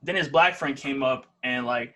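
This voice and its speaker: A young man telling a story in casual podcast chat, lively, acting out each person he talks about. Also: medium pitch, normal speed. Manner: animated, acts out the people in his stories. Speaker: podcast co-host.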